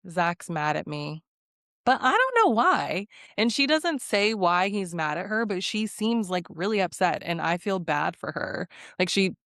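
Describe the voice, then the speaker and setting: Brief: young woman recap host, sassy and blunt, lowish smooth voice, dry close sound. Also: dry recording. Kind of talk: casual episode recap commentary.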